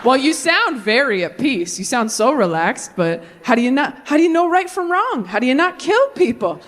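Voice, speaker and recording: A woman's voice: high-pitched, sing-song, moderate pace, slight background noise. A woman in her thirties performing a stand-up set with a punchy, wry delivery, often jumping into character voices. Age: 30s. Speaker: stand-up comedian.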